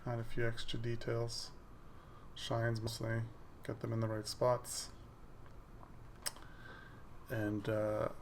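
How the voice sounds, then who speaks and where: A man's voice: medium pitch, slight background noise. A man casually narrating over a video of his digital drawing, explaining each step as the work plays on screen. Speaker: digital artist.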